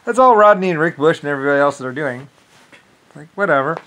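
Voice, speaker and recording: A man's voice: fairly high pitch, lively intonation, fast, a bit bright, slight background noise. A man delivering a rambling solo monologue, dismissive and profane, with lots of filler words. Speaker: channel host.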